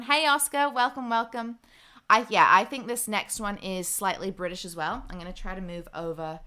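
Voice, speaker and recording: A young woman with an Australian accent hosts a casual livestream. Her voice is bright and forward, and she chats easily as she greets viewers by name. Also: medium pitch, clean tone. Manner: chatty, reads viewer comments aloud. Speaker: livestream host.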